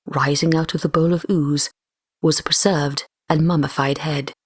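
Female narrator for a fan audiobook, deep husky tone, dry close sound. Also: moderate pace, dry recording. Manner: steady storytelling, raising her voice for shouted lines. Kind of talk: first-person fiction reading.

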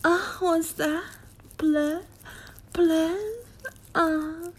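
A woman in a whispered role-play, talking slowly in a teasing, domineering way and often dropping to a whisper. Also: fairly high pitch, fairly even intonation, vocal fry, darkish tone, breathy edge. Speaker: audio role-play performer.

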